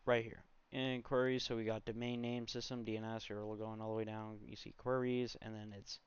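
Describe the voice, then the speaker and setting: A young man in his twenties talks through a screen-recorded walkthrough in a loose, chatty way, drifting into asides and fillers. His voice sits a little low and sounds smooth and clear. The recording is dry and slightly dull, like a home desk mic. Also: level tone, brisk, no echo. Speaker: tutorial host.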